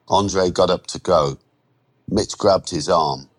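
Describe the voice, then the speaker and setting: A man giving a measured, even storybook narration. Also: sits low, husky.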